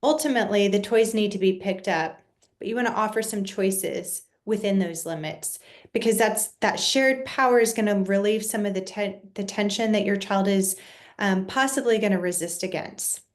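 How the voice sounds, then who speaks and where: A woman counselor calmly explaining parenting boundaries in an educational video, measured and patient, with the occasional restart. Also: mid-range voice. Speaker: child and family counselor.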